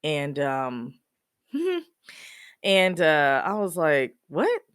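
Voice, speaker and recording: A woman podcaster tells her own story in a loose, rambling way, full of "um" and "you know." She laughs often even when the subject is sad. Her voice sits a little low and the sound is dry, with no room echo. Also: drawn-out words, clean tone. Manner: laughs often while telling sad memories; many fillers like "you know" and "um". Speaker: podcast host. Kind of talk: personal storytelling, casual.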